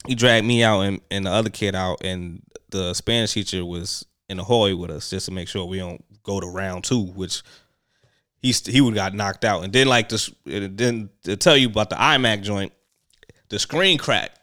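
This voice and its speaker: Animated storytelling man, smooth voice. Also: fairly low pitch, moderate pace. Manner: animated, acts out voices in quoted lines, laughs often. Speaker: storyteller in a podcast chat. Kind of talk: casual storytelling.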